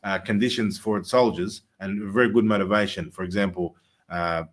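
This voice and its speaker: A man hosting a political talk show, speaking earnestly with frequent filler pauses. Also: on the low side, fairly even intonation. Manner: earnest, many filler uhs, rising emphasis. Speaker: host.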